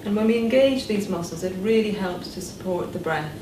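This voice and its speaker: A woman voice therapist calmly guiding listeners through breathing and voice exercises in a slow, instructional manner. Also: mid-range voice. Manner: calm, slow instructional guidance. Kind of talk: demonstrating voice exercises. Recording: distant echoey room with background noise.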